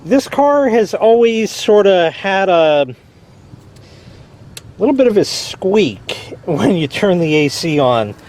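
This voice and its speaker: A man's voice: high-pitched, sing-song, takes it slowly, a little mellow. A man casually vlogging outdoors beside his car, rambling wryly about a broken belt and swearing lightly. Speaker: car owner vlogging a repair. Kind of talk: casual vlog.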